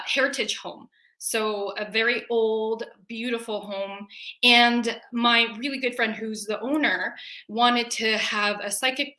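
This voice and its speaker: A woman in her forties telling a personal story in a casual, animated way, acting out her own scared reactions. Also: on the high side, roomy sound. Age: 40s. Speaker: webinar guest.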